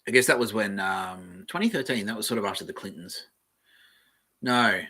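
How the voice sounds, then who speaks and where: A man hosting a casual solo podcast, reading aloud from the web and thinking out loud in a rambling way, with the odd swear. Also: fairly low pitch, lively intonation, normal speed. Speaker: podcast host.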